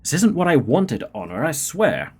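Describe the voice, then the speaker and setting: A woman's voice: sits low, very animated, normal speed, breathy edge, full character voice. A streamer voicing a bitter, recently sacked female TV actress who talks in a weary, curt way.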